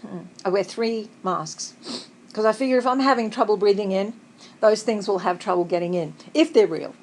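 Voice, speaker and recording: A woman's voice: mid-range voice, normal speed, a little mellow, slight background noise, poor audio. An Australian woman chatting in a rambling, conversational way in a personal vlog, often laughing, sitting up in bed in a hotel room. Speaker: vlogger.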